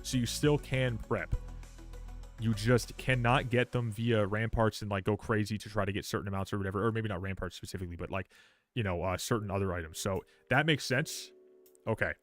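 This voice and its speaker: A young man livestreaming a game, chatting casually with viewers, swearing freely and reacting loudly while reading patch notes aloud. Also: lowish voice, brisk, faint music behind. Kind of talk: casual live game stream.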